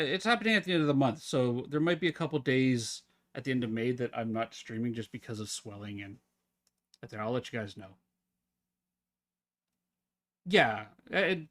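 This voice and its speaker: Man, live streamer, casual chat, relaxed, rambling, mid pitch. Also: a little fast.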